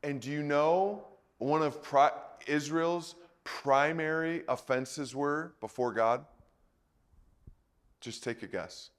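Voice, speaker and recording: A man's voice: a little high, slow pace. A man preaching a sermon to a congregation, teaching in a conversational way and putting questions to his listeners. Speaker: pastor. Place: church hall.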